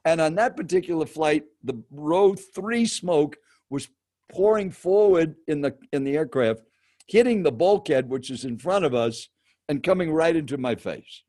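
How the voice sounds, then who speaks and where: Telling a host a personal anecdote, a man who speaks professionally brings lively storytelling and asks his listener direct questions. He talks at a moderate pace in a slightly high voice, recorded clean in a studio with no room sound.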